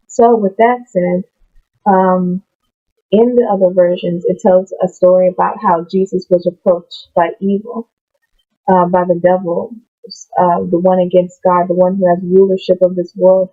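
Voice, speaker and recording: A woman casually reading from the Bible and talking about it, rambling off on tangents and restarting her sentences. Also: medium pitch. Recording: tinny phone-like sound.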